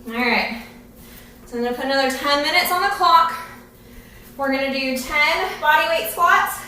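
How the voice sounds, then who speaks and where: Filmed from afar in a very echoey room, this female instructor leads a workout live at a moderate pace, her high-pitched voice pushed and bright. She sounds winded but encouraging as she exercises alongside, with slight background noise.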